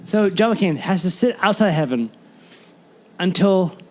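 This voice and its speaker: A man co-hosting a podcast in casual chat, animated and rambling, often stumbling over his words. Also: high voice, unhurried. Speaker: podcast co-host.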